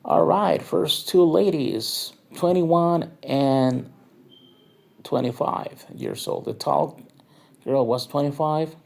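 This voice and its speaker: A man's voice: on the high side, slow, gravelly, darkish tone. A tipsy man from northern Mexico, rambling through a profane, filler-heavy nightlife story. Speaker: nightlife vlogger. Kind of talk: rambling drunk review monologue.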